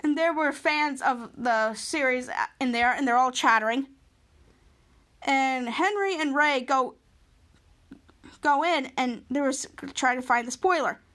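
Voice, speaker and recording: A woman's voice: high voice, unhurried, fairly bright tone. A woman podcast host casually retelling a TV episode, rambling with restarts.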